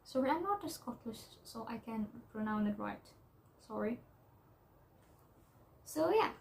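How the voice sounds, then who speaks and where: A young adult woman in a casual vlog commentary, talking haltingly with lots of fillers and restarts. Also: fairly high pitch, expressive, gravelly. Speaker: YouTuber.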